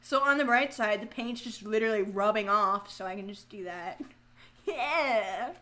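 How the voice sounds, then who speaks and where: While painting a pumpkin for her live stream audience, she chats in a relaxed way, pokes fun at herself, curses without restraint and erupts in loud, exasperated cries. Her voice sits in the mid range, and she talks at a normal speed.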